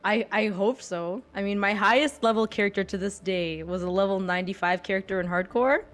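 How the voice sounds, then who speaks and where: A woman's voice: mid-range voice, a little fast, fairly bright tone, soft background music. A young woman in her twenties with a sore throat, talking casually as a stream guest, chatty and giggly, full of fillers. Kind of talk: casual chat.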